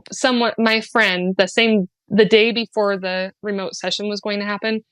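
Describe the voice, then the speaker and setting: On a podcast, a middle-aged woman recounts a moving spiritual experience with lively energy, raising her pitch to quote others and laughing often. The recording is close and dry, with no echo.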